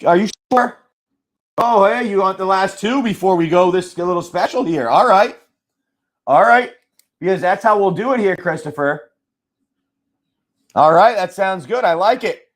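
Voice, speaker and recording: A man hosting a live card-pack stream, chatting casually, telling a story with quoted lines, swearing freely and talking loudly. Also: sits high, lively intonation, normal speed, pauses often. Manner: loud, swears freely, tells stories with quoted dialogue. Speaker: live card-break seller. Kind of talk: casual chat while opening card packs.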